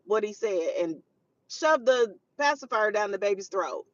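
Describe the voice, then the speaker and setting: A woman's voice: mid-range voice, animated, normal speed, dry recording. Chatty preachy woman on a live stream. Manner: chatty, preachy, quotes scripture, greets viewers mid-story. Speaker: parenting show host. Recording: dull lo-fi stream audio.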